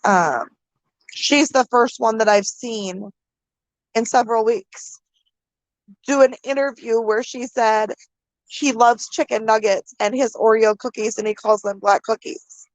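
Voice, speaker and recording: A woman vlogger from the American Midwest, talking to her viewers through tears, halting with many pauses and fillers. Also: fairly high pitch, dry recording. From Minnesota. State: crying. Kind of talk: emotional vlog talk to viewers.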